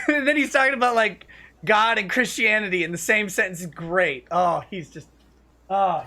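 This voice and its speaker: Guy hosting a late night stream, high voice, gravelly, bright, laughs a lot while telling stories. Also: normal speed. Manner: laughing storyteller, animated impressions. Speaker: livestream host. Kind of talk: casual chat.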